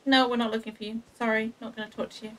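A woman's voice: fairly high pitch, little pitch movement, fast, a bit bright, slight background noise. Chatty young woman streaming a game. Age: young adult. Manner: chatty, self-mocking, talks to herself and chat while playing. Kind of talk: casual gameplay commentary.

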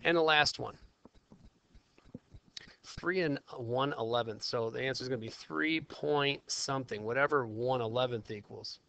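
A man's voice: medium pitch, moderate pace, gravelly, sharp tone. A man teaching a casual math lesson, talking himself through calculations in an informal, chatty way. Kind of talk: casual classroom lesson, working problems aloud.

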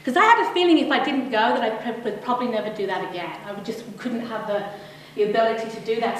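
A woman in her forties telling a lively, laughing story to a live audience, acting out her own thoughts as she goes. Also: high voice. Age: 40s. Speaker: speaker giving a community talk. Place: large hall with a live audience. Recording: echoey hall, mic at a distance, audience noise.

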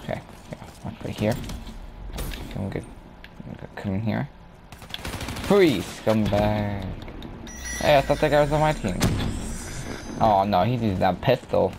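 An excitable man trash-talks his way through a shooter match, his voice gravelly and swinging wildly in pitch. He drawls between sudden yelps, with clear gunfire crackling behind him. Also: unhurried, pauses often. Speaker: gameplay commentator. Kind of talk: live gameplay commentary.

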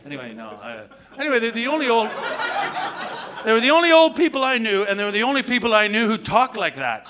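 A man with a high, very animated voice rambles through a sweary, self-mocking stand-up set. He is heard on a club stage mic with a live crowd laughing loudly around him. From Canada. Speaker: stand-up comedian.

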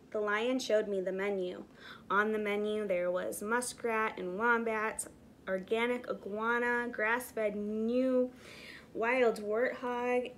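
Slow, gentle preschool teacher woman. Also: on the high side, a little hiss or hum. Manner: gentle, encouraging, animated storytelling. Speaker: zoo conservation educator teaching preschoolers. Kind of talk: online preschool lesson and picture-book reading.

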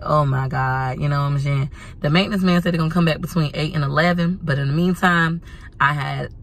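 Chatty woman with a gravelly voice. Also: low-pitched, fairly bright tone, a little hiss or hum. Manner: chatty, dramatic storyteller. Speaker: vlogger. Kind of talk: casual chat. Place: parked van at a laundromat.

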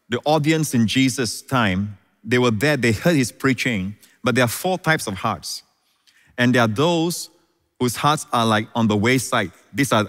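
A man's voice: medium pitch, fairly bright tone. A man preaching a sermon as pastor, emphatic, repeating key phrases and often exclaiming praise. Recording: reverberant hall.

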